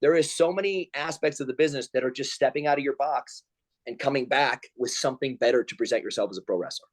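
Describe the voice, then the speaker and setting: A fast talker with a mid-range voice, he's a man in his forties guesting over video call. The pro wrestler and comedian tells stories with animation, raising his voice to act out what other people said.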